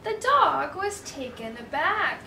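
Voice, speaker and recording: A young woman hosting a storytime, reading a children's picture book aloud in a sing-song, expressive way. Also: high voice, slow, gravelly, recorded from a distance. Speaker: storytime host. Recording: echoey room, voice from off-mic, faint hiss.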